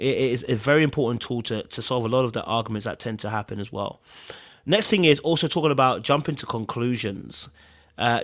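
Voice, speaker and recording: A man's voice: mid-range voice, fairly bright tone. A man hosting a podcast, giving casual relationship advice to live viewers, stressing key words by repeating them and checking in with his listeners. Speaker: podcast host.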